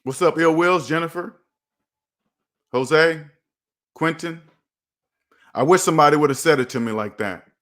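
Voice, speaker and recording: A man's voice: a little high, a little slow, pauses often, fairly bright tone. A man in his forties giving a preachy, repetitive motivational talk about personal finance, often addressing himself by his own name. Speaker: personal finance video host. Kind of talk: motivational monologue to camera.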